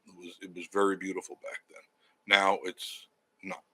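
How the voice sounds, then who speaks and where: A man's voice: sits low, completely flat delivery, moderate pace, bright, forceful tone. A man in his sixties from Long Island, hosting a travel channel, telling a rambling personal story in a casual monologue and chuckling as he goes. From Long Island, New York. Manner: rambling, anecdotal, chuckles as he tells it.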